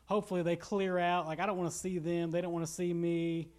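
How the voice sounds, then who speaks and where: Guy with a kentucky accent preaching, high-ish voice, jokey and casual, young. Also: flat delivery, fast talker, darkish tone. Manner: casual, joking preaching with laughs and asides. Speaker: pastor. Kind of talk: sermon.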